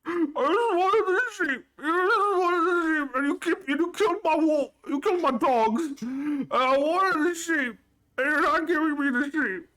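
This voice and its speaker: Casting: a man doing a big simple-minded brute, high and blubbering, childish. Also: lively intonation, normal speed, pushed and bright, heavily acted, rough recording. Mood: whiny crying. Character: big dim-witted male brute, childish and whiny.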